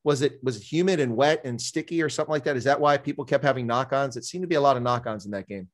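A man's voice: mid-range voice, rapid-fire. A male interview host with a mid-range voice. He talks in a friendly, chatty way, filling gaps with "uh" as he moves between questions. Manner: friendly, chatty, with frequent "uh" fillers. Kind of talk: casual interview.

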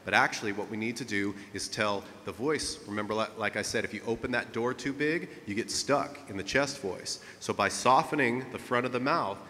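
A man's voice: fairly low pitch, brisk, few pauses, sharp tone, long reverb tail, slight background noise. A man working as a vocal coach, leading a singing lesson and checking in with his students as he goes. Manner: encouraging, coaching with frequent "okay?" checks.

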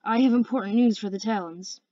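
A woman's voice: medium pitch, fairly quick, dark tone, no room sound, dull audio, natural voice. A woman reading a nervous hunted male dragon. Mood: defensive. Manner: defensive, faltering. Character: anxious male SeaWing dragon, hunted and guilty.

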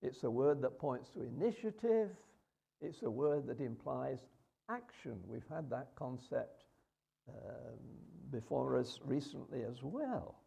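A man's voice: mid-range voice, sing-song, takes it slowly, gravelly, warm tone, slightly rough. A man preaching a sermon in a conversational way, with rhetorical questions and hesitations.

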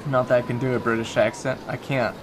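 A man's voice: mid-range voice, little pitch movement, quick pace, noisy background. A man giving casual, jokey let's-play commentary, talking to himself while he plays. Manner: chatty, jokey, talks to himself while playing. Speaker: gaming YouTuber.

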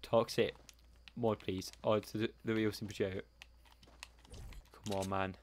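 A man's voice: lowish voice, flat delivery, unhurried. A man streaming a shooter game live, chatting with his teammate and thanking viewers, calling everyone mate and bro. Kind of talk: live game commentary with viewer shout-outs.

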